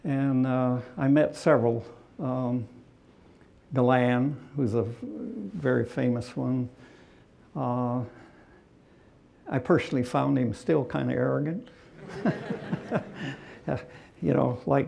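Gravelly older man telling stories. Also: medium pitch, mellow, slight background noise. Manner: halting, many fillers, chuckles between anecdotes. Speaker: retired fighter pilot guest. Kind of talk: onstage interview storytelling.

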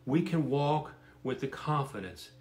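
An older man, a pastor, giving a slow, emphatic devotional talk and softly repeating key phrases. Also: a little high, expressive. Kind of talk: sermon-style devotional talk. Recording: roomy echo.

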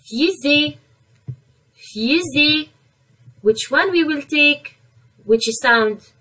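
A woman teaching an online French vocabulary lesson to young children, repeating each word slowly to drill pronunciation. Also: sits high, animated, pushed and bright, distant mic, low-quality recording.

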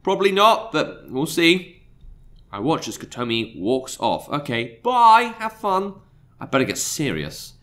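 Lively, bright-voiced man reading a visual novel. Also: medium pitch, a little slow. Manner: swings between reading lines aloud and joking asides, laughs often. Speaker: let's play host reading a visual novel aloud. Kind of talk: casual let's play commentary with read-aloud voices. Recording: game music behind the voice.

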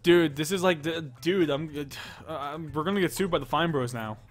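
A man's voice: on the high side, normal speed. A young man chatting casually on a game stream, laid-back, repeating himself and often mumbling.

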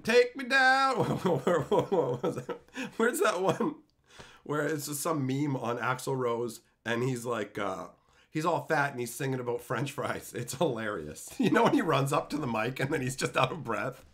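Man, live streamer, profane and jokey, bright forceful voice, calls chat bro. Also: medium pitch, lively intonation. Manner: rowdy, swearing, quick to laugh, calls viewers bro and son.

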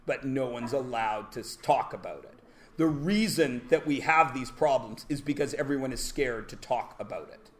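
A man's voice: mid-range voice, moderate pace, a little hiss or hum. A man teaching a class, blunt and provocative, talking over his students. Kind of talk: classroom lecture.

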